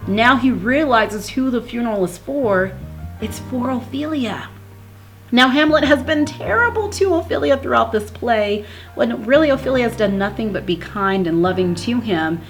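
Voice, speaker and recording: A woman explaining a play in a casual teaching manner, reading verse slowly and then paraphrasing it plainly. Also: mid-range voice. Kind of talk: explanatory read-through of a play. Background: soft background music.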